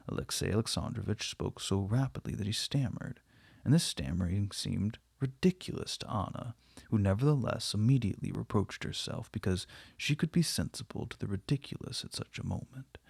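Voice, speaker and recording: A man reading a classic novel aloud in a measured, steady way. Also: on the low side, vocal fry, breathy edge, no room sound, studio quality. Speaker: audiobook reader.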